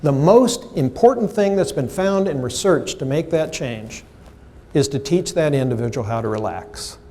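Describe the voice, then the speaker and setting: A man's voice: mid-range voice, expressive, measured pace, mellow, a little hiss or hum. A middle-aged man giving a professional development lecture to a seminar audience, emphatic and full of questions to the room, acting out the people he quotes. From United States. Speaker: seminar presenter.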